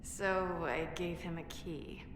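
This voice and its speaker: A woman's voice: on the low side, fairly even intonation, slow pace, a little hiss or hum. An actress playing a secretive, self-justifying female dwarf craftswoman in a video game. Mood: defensive. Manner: self-justifying, matter-of-fact. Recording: echoey game dialogue with long reverb.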